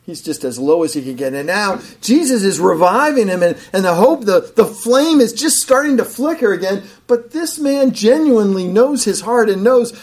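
A man preaching a sermon in an animated way, swinging between loud emphatic bursts and low, quiet asides. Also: normal speed, hardly any pauses. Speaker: pastor.

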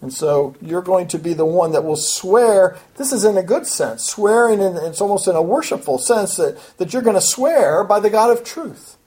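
An earnest preacher explains a scripture passage verse by verse in an expository teaching style. The voice climbs higher and louder when pressing a point, and phrases often repeat or restart. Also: lively intonation, normal speed, hardly any pauses. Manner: earnest, emphatic, rises in pitch and volume when stressing a point; talks in repeating, back-and-forth phrases with small restarts.

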